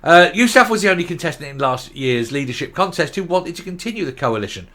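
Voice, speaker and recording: A man's voice: a little high, lively intonation, fast talker, a bit bright. A man giving opinionated political commentary, reading news quotes aloud and rebutting them with blunt sarcasm.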